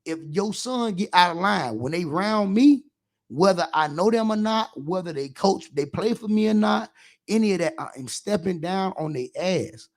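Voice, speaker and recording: A man's voice: high voice, animated, moderate pace. A man, a youth football coach, giving an impassioned radio monologue, preachy and emphatic, acting out how he scolds kids.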